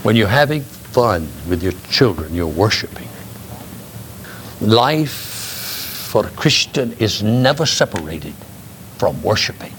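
An older man, a grandfather, preaching a sermon with emphatic rises in pitch. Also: very animated, takes it slowly, fairly bright tone, a little hiss or hum. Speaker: pastor.

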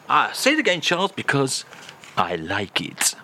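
A male radio host doing comic, teasing banter in a brisk, mock-formal way. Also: mid-range voice, huge pitch swings, bright, forceful tone.

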